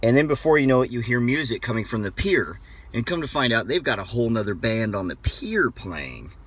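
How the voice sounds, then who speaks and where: An American man telling a personal story in a casual, animated way, often restarting his phrases. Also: mid-range voice, brisk. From United States. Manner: animated, conversational, with frequent restarts. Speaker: motivational speaker.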